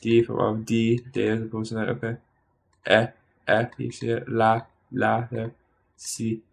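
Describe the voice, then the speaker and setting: A tired man studying on a stream, thinking aloud in a halting, muttering way and sounding out practice words. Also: fairly low pitch, monotone, gravelly. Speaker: language learner streaming study.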